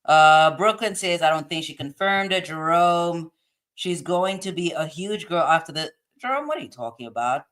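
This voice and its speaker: A woman's voice: on the low side, expressive, moderate pace, a bit bright. A woman hosting a casual live stream, reading chat comments aloud and laughing often as she chats.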